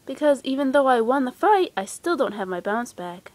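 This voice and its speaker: A woman's voice: high-pitched, big pitch swings, moderate pace, a little mellow, dry recording. Tigger, a glum mumbling tiger, as a woman reads him. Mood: sheepish. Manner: sad, mumbling. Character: glum bouncy male tiger toy. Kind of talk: storybook read-aloud.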